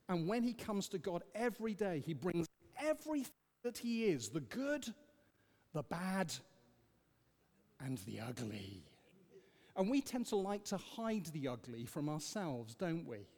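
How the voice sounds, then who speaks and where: Animated man preaching in an echoey hall. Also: high voice. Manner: asks the room questions, animated and emphatic. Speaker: preacher leading a Bible study. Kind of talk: interactive sermon with congregation. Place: church.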